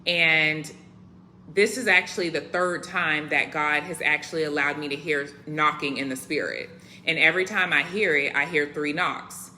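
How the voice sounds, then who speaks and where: A woman's voice: sits low, steady tone, moderate pace, bright, forceful tone, a little hiss or hum. A woman delivering an earnest prophetic devotional message, often tagging her lines with "right?" and "okay?". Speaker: Christian content creator.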